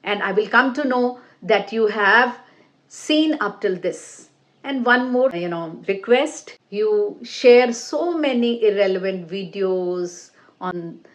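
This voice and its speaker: A woman teaching an online English speaking-test lesson, stressing key words with a deliberate, sing-song delivery and direct appeals to viewers. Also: mid-range voice. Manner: slow, repetitive phrasing with direct appeals to viewers.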